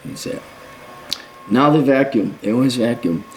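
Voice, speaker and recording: A man's voice: medium pitch, normal speed, darkish tone, slight background noise. A middle-aged man giving a sarcastic, mocking commentary rant while reading and reacting to an article. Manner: sarcastic, mocking, with mimicking asides. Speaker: commentary host. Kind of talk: ranting commentary.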